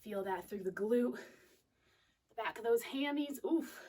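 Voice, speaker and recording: A young woman with a slightly high, dark-toned voice speaks at a measured pace, cueing a live workout class. Sniffly and breathless, she counts out upbeat coaching cues as she moves. She's recorded at a distance from the mic in a fitness studio.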